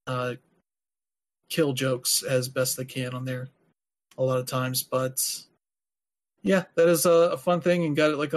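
A man talks loosely on a podcast, filling pauses with plenty of "uh" and "you know." His voice sits at an ordinary middle pitch. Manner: rambling, many filler words. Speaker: podcast host. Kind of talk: casual chat.

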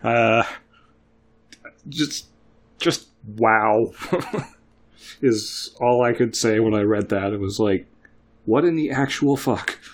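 A man co-hosts a casual podcast, explaining a story with frequent pauses and fillers. His voice sits low. He talks in a relaxed, conversational way. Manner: halting, many fillers. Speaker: podcast co-host. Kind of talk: casual chat.

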